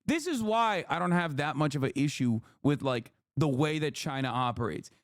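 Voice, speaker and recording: A man's voice: fairly high pitch, animated, moderate pace, no echo, clean studio sound. A man hosting a stream, reacting to clips with sarcastic, profane political commentary. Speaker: streamer host.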